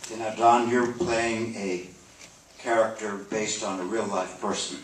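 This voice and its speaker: A man's voice: lowish voice, fairly even intonation, a little slow, slight background noise. A man interviewing a guest on stage, putting leading questions and speaking straight to the audience. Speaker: interviewer and moderator. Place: theater stage before an audience. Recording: echoey hall, mic from far off.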